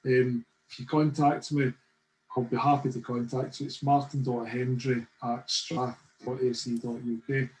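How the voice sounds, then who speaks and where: Chatty Scottish man with a mellow voice. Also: mid-range voice, flat delivery, normal speed, reverberant, a little hiss or hum, rough recording. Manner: chatty storytelling, frequent "right?". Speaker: course leader. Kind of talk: webinar talk with anecdotes. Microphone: video call.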